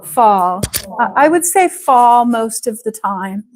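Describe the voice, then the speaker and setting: Her fairly high voice has lively intonation, though the audio is poor. She teaches English live over the internet, speaking slowly and patiently and lengthening words to demonstrate how they sound.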